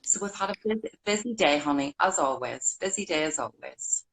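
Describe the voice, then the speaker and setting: Friendly woman, lowish voice. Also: lively intonation, a little fast, poor audio. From Ireland. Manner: friendly, homely, calls people "honey". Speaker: guest. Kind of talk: casual chat.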